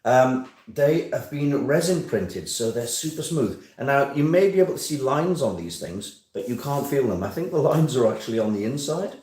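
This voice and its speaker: A man's voice: mid-range voice, lively intonation, normal speed, hardly any pauses, darkish tone. A man hosting a casual, jokey live stream from home, rambling and teasing his viewers. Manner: chatty, jokey, self-mocking. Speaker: host of a weekly live stream. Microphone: phone on a stand. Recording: roomy sound, phone some distance away.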